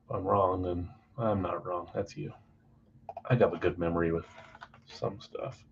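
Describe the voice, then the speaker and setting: A man's voice: low-pitched, steady tone, measured pace, gravelly, lo-fi sound, a little hiss or hum. Chatty man rattling off names. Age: adult, married. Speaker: card break host. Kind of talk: casual live-stream chat. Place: basement card room.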